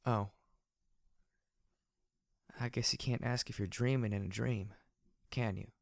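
A man reading an audiobook, voicing a timid, fragile young female pegasus pony who speaks softly and hesitantly. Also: on the low side, fairly even intonation, measured pace, vocal fry, dry recording, clean studio sound. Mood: fragile, quiet. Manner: soft, quiet, hesitant. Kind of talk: audiobook character voice.

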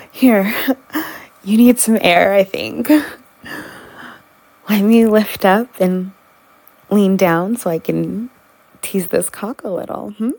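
A woman with a breathy voice performs an intimate audio role-play. She talks slowly and softly and keeps a teasing tone, giggling between lines. Her pitch sits in an ordinary middle range. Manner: soft, teasing, with frequent giggles.

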